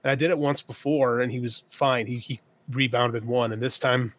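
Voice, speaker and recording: A man in his thirties, co-hosting a casual podcast chat, tells a personal story and quotes both himself and his son along the way. His voice is mid-range with a steady tone and a moderate pace.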